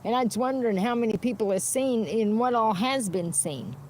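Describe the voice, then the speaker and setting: A woman's voice: fairly high pitch, brisk, a little mellow, slight background noise. A woman streaming a rambling, unscripted monologue, blunt and profane, often restarting her sentences. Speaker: livestreamer.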